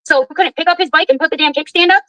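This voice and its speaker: A woman's voice: high-pitched, rapid-fire, a bit bright, dry recording, muffled recording. A woman ranting indignantly and with heavy profanity on a livestream while driving her car.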